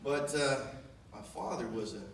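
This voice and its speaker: A man tells a folksy, rambling story at a memorial service, his voice sitting at an ordinary middle pitch. He is picked up from far off in an echoey room, and steady noise runs behind him. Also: measured pace. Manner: folksy, rambling, with many fillers. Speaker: son giving a memorial eulogy. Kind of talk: storytelling eulogy.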